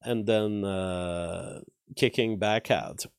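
A man's voice: lowish voice, fairly even intonation, extremely slow, vocal fry, clean tone, no room sound, clean studio sound. A man with a French accent, a native French speaker, commenting on the news live and answering chat, thinking aloud with many fillers and restarts. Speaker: streamer covering news.

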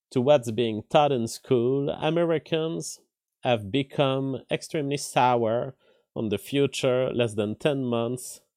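A man's voice: mid-range voice, a little mellow, no room sound, studio quality. A man hosting a live stream of casual news commentary. He thinks aloud with restarts and filler words, and reads headlines before commenting on them.

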